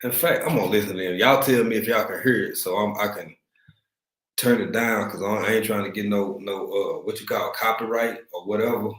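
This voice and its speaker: A man's voice: fairly low pitch, brisk, a bit bright, roomy sound, low-quality recording. A man from East Texas with a Texan accent, hosting a casual livestream chat, laid-back and slangy, greeting viewers by name. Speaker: livestream host. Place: room at home, in Africa.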